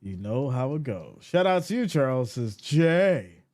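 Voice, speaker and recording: A man hosting a casual sports live stream, reading viewer comments aloud and answering them in an animated, mock-exasperated way. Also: mid-range voice, moderate pace.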